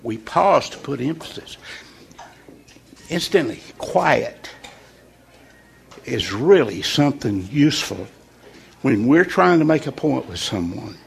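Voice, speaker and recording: A man leading an informal morning devotional in a folksy, conversational way, pausing on purpose for emphasis. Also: mid-range voice, big pitch swings, vocal fry, a little hiss or hum. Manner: folksy and conversational, with deliberate pauses. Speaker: devotional leader.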